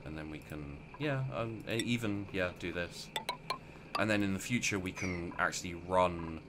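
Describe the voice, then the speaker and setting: Narrating his own gameplay in a low voice at normal speed, a man rambles along casually and makes fun of himself, basically talking to himself as he plays. Heavy background noise runs through the clip.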